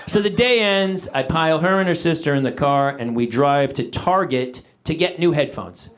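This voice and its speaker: A middle-aged male stand-up comedian telling a family story in an exasperated, animated way on stage. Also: on the high side, a little fast, a little hiss or hum. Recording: live audience laughter.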